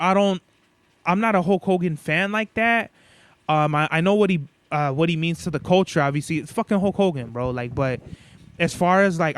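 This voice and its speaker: High-voiced man ranting, profane and blunt. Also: no echo. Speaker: podcast host. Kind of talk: casual rant. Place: indoors. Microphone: cabled microphone.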